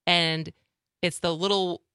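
A woman's voice: on the low side, clean tone, no echo. A woman hosting a casual radio show, chatting with co-hosts and laughing often. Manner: giggly, animated, quick to laugh. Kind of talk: casual studio chat.

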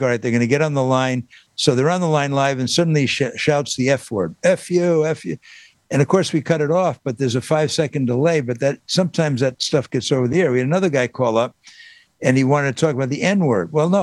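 A man's voice: medium pitch, a little mellow, no echo. A man hosting a political talk radio show, emphatic and repeating his points for stress.

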